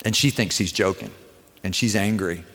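A man's voice: on the low side, moderate pace, fairly bright tone, slightly rough. A pastor preaching a sermon in a conversational storytelling way, putting direct questions to his congregation. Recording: long hall reverb.

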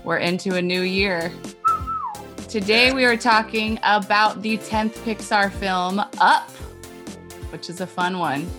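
A woman hosting a podcast table read, cheerful and quick to laugh. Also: mid-range voice, over music. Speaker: host.

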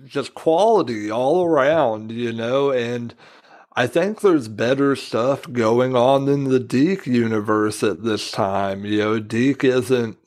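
A man's voice: mid-range voice, takes it slowly, darkish tone. Male guest, mid-range voice, loose rambling delivery, lots of "like". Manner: rambling, leans heavily on "like". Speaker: podcast guest. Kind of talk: casual chat.

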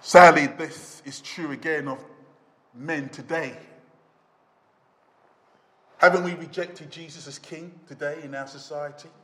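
A man preaching a sermon in a church, dramatic, swinging between shouts and hushed low phrases. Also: fairly even intonation, measured pace, pauses often. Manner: dramatic, rising to shouts and dropping to near whispers. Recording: echoey church hall.

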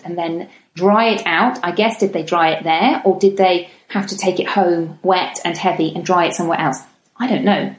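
Woman musing in an echoey room. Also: on the low side. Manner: gentle, chatty, slows down for emphasis. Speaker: podcast host. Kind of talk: reflective solo talk.

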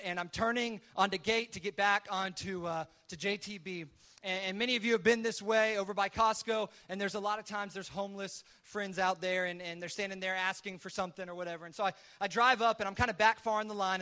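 A man preaching as a pastor, telling stories in a loose conversational sermon. His voice is high and bright, and he talks quickly, often restarting his sentences. He acts out the quoted lines of the people in his stories. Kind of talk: sermon storytelling.

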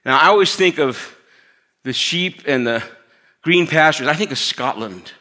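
Bright-voiced male pastor preaching conversationally. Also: fairly high pitch, animated, measured pace. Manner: conversational preaching, drops to a hush for emphasis. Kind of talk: sermon.

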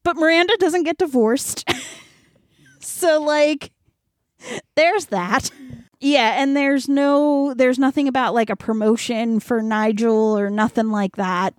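A woman's voice: high voice, slow pace, dry recording, clean studio sound. A young adult woman co-hosting a podcast, casually retelling a book's plot and leaning on "like" as filler. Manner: chatty plot retelling with heavy use of "like". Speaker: podcast co-host. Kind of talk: casual book chat.

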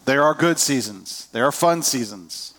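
A man's voice: mid-range voice, a little slow. A man in his thirties, a pastor preaching a conversational sermon to a congregation, who often acts out the questions of anxious people. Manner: conversational, animated, acts out voices of worried people. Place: church hall.

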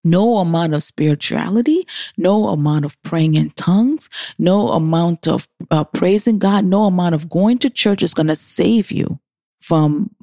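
Low, gravelly woman preaching with lively swings. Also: measured pace, dry recording, clean studio sound. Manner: acts out inner voices with big theatrical pitch swings; stops short and restarts words mid-sentence. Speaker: Christian advice speaker for single women. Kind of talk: preachy heart-to-heart talk.

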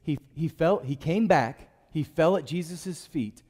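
A man's voice: a little high, measured pace, dark tone, long reverb tail. A man preaching a sermon in church, calling on the congregation to respond. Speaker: pastor.

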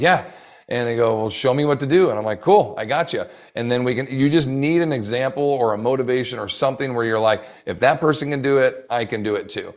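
A man in his forties, a fitness coach for older adults, talking enthusiastically as a podcast guest and acting out bits of dialogue. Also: medium pitch. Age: 40s. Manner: enthusiastic, rambling, acts out quoted dialogue.

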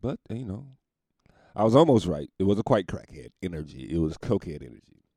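A man's voice: low-pitched, big pitch swings, a little fast, mellow, breathy edge, dry recording, clean studio sound. A man who is a comedian telling a profane story in a loose, laid-back way, laughing through it. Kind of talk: casual storytelling monologue.

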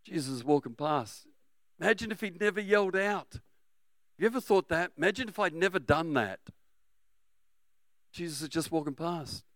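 A middle-aged Australian man preaching a sermon, energetic and humorous, sometimes breaking into shouts. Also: a little high, moderate pace, pauses often, no echo. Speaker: pastor.

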